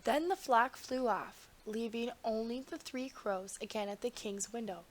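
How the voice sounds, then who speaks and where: Female storyteller, slightly high voice, slow and expressive fairy-tale reading. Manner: unhurried, expressive. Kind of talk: storybook narration.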